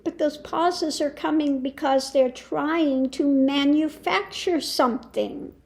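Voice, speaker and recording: A woman speaking as a spiritual teacher in a casual monologue, deliberate and scornful, with long pauses. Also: high-pitched, creaky, darkish tone. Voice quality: slow, deliberate with long pauses and frequent laughs. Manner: scornful, emphatic, mocking.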